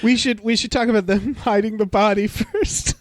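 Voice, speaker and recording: Male film-podcast co-host, raised pitch, dry mic, sardonic banter. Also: steady tone, normal speed, no echo. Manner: wry, joking, swears freely. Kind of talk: casual film discussion.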